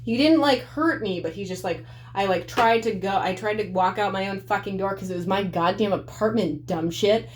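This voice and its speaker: A woman's voice: medium pitch, moderate pace, a little hiss or hum. A young woman telling a personal story to her viewers in a blunt, profane, conversational way. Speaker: vlogger. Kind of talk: candid storytelling vlog.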